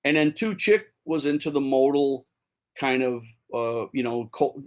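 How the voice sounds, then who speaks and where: A man's voice: mid-range voice, unhurried. A man from Chicago, a musician guest, telling stories in a casual interview with many fillers and restarts.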